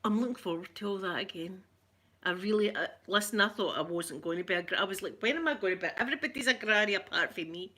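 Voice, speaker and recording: A woman's voice: mid-range voice, fast, bright, forceful tone. A middle-aged Scottish woman chatting casually with her live viewers, greeting them by name and laughing often. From Scotland. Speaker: ASMR livestream host.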